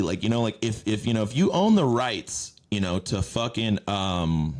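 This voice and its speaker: A man's voice: fairly low pitch, expressive, normal speed, hardly any pauses, a little mellow. A man hosting a podcast in casual, rambling, profane chat full of fillers. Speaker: podcast host.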